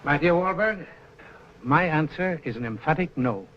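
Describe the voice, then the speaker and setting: An actor playing a complacent, condescending newspaper publisher in 1940s film acting on dull lo-fi old film sound. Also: male voice, fairly high pitch, animated, moderate pace, a little hiss or hum, natural voice. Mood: dismissive. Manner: dismissive, condescending.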